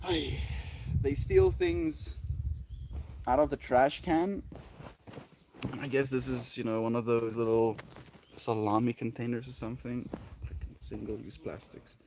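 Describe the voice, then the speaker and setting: Rambling streamer outdoors among crickets. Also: male voice, mid-range voice, unhurried, pauses often. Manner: rambling, animated, swears and laughs often. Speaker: livestream host. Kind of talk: casual livestream chat with viewers. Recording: steady outdoor noise with insects.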